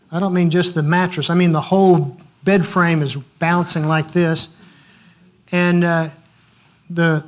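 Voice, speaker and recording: A man with a high voice preaches with animated storytelling. He laughs heartily as he acts out his stories. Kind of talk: sermon with storytelling.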